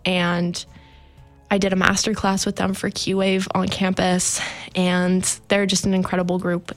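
Young woman hosting campus radio, monotone. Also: on the low side. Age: young adult. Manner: rambling, filler-heavy, heartfelt. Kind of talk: sentimental farewell radio chat.

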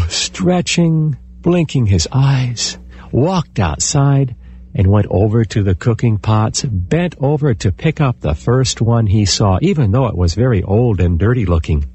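A man telling a folktale aloud in an expressive, animated way. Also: mid-range voice, measured pace, breathy edge. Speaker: storyteller. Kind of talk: oral folktale storytelling.

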